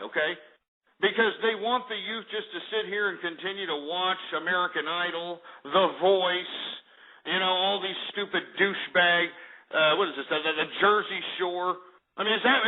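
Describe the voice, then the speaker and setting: Guy ranting on talk radio, swears a lot, fed up, sounds thin like over a phone. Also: sits high. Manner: ranting, profane, exasperated. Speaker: radio show host. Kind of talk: opinionated talk radio rant. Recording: tinny phone-like line.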